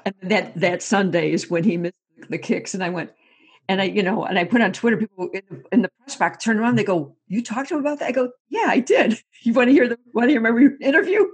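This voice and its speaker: Husky-voiced woman telling sports stories. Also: mid-range voice, quick pace. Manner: animated storyteller, laughs often, repeats words. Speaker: sports reporter. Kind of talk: casual sports talk.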